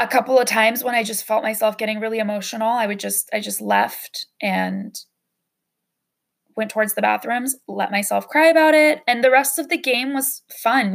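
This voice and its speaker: Young woman podcaster, gravelly fry, open and emotional personal storytelling, casual swearing. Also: fairly high pitch, normal speed. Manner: candid, emotional, with frequent fillers and swearing. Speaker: podcast host.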